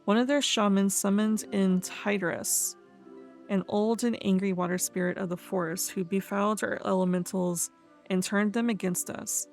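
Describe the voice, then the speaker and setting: A woman's voice: mid-range voice, steady tone, normal speed, darkish tone, faint music behind. Chatty woman reading quest text. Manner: chatty, laughs often, stumbles over fantasy names. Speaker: let's play host. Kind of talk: casual gameplay commentary, reading quest text aloud.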